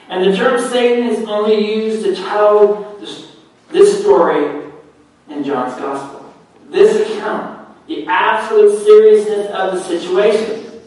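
A male pastor preaching a sermon, slow and emphatic, often dropping to a hush. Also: high voice. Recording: very echoey room, heard from a distance.

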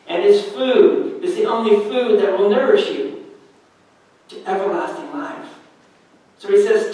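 A man preaching a sermon as pastor, in a measured way with long pauses, heard from a distance in a church. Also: high voice, dark tone, very echoey.

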